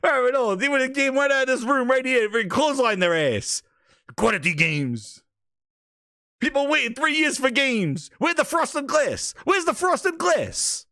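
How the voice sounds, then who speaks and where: A male host with a very high, bright voice, ranting and laughing through casual video commentary. His pitch swings widely as he curses and riffs, and the recording is dry and close with no room around it. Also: a little slow, no echo. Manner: profane, laughing, animated ranting.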